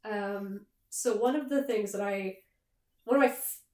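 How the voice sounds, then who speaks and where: A woman's voice: medium pitch, measured pace, darkish tone. A young woman co-hosting a podcast, chatting enthusiastically as a fan, rambling with fillers. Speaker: podcast co-host. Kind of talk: casual chat. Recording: echoey room.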